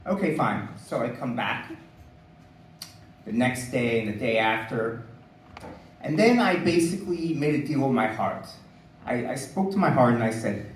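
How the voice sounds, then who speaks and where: A man's voice: medium pitch, expressive, measured pace, pauses often, slight background noise. Chatty man telling a story from a roomy stage. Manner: chatty, laughing, full of "like" fillers. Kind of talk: live personal storytelling. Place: live stage before an audience. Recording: roomy distant live-stage recording.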